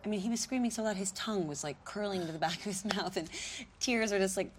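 An actress playing a concerned young woman who asks gentle, probing questions and laughs often, outdoors by a lake. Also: mid-range voice, fast, lightly acted. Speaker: film character. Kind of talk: naturalistic film acting. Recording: noisy outdoor film sound.

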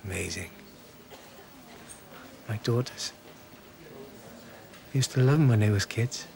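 A wry heart patient. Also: male voice, lowish voice, unhurried, gravelly, a little mellow. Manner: wry, rambling, self-mocking. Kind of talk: TV drama acting.

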